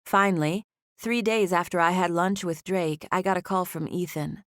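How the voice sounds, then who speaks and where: A woman reads a first-person audiobook in an even, conversational way. Her voice is lowish, and the studio recording is close and dry with no room sound. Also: moderate pace, no room sound. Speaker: audiobook narrator. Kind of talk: first-person scripted narration.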